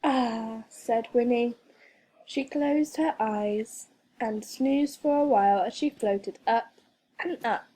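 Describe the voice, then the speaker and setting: A woman reading a children's storybook aloud as a teacher, expressive and playful with sound effects. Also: fairly high pitch, slow pace.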